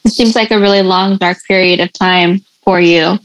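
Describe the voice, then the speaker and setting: A woman's voice: fairly low pitch, steady tone, normal speed, dry recording, low-quality recording. A woman interviewing a guest in a casual conversation, offering sympathetic, reflective follow-ups.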